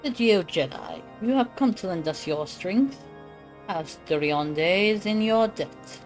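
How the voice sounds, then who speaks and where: A woman's voice: lowish voice, darkish tone, lightly acted, low-quality recording. A woman voicing a stern noble male knight lord in a put-on British accent, reading game dialogue in a formal, stately way.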